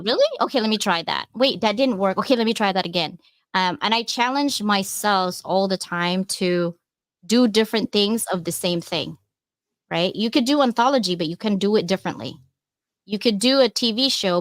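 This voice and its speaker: A woman hosting a casual panel chat, rambling with many asides and acting out quoted dialogue in lively bursts. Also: medium pitch, dry recording.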